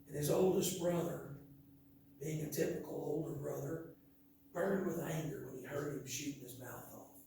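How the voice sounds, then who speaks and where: A man's voice: fairly high pitch, moderate pace, creaky, warm tone, a little hiss or hum. A man preaching a sermon in a church, reading scripture emphatically with chatty asides. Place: church sanctuary. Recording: echoey hall from a distance.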